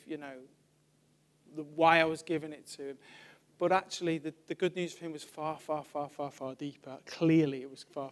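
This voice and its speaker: A man, a church evangelist giving an informal sermon, telling stories in a chatty way and trailing off softly. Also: high voice. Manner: chatty storytelling, laughs often, trails off softly.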